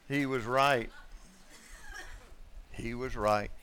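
A man preaching a sermon, swinging between loud declarations and hushed asides, and repeating key phrases for emphasis. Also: medium pitch, slow, pauses often, clear, resonant tone.

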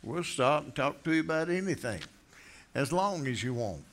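A man's voice: on the high side, big pitch swings, moderate pace, fairly bright tone. An older man preaching a folksy, rambling sermon, joking with his congregation between many fillers and restarts.

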